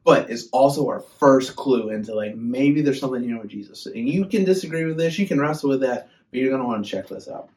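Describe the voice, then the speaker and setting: Young guy preaching casually, sassy and jokey, lots of energy, mid pitch. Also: a little fast, hardly any pauses. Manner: chatty, sassy, humorous, animated. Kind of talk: casual sermon.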